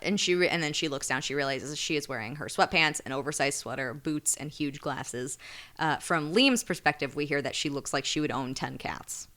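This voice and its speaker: A woman's voice: low-pitched, normal speed, fairly bright tone. A woman co-hosting a podcast, casually recapping a romance novel, laughing often and acting out the characters' lines. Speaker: podcast co-host. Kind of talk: casual chat, recapping a book.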